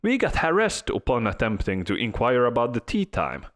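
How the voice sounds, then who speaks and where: A man's voice: mid-range voice, wildly swooping pitch, normal speed, a bit bright. A man putting on a British accent to voice a fussy upper-class hotel guest, pompous and indignant as he complains. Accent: put-on British.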